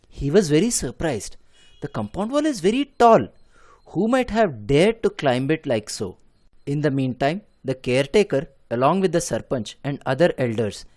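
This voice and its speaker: A man narrates a village story in a calm, measured, soft-spoken manner. His voice sits slightly above the usual male pitch. The recording is close and dry. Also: no room sound.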